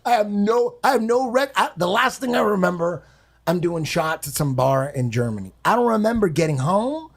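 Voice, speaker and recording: A man with a fairly high, husky voice tells a story on a podcast. He rambles, circles back and repeats himself, and swears freely. His tone has a gravelly edge throughout. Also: animated, moderate pace. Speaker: podcast guest. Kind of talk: casual storytelling.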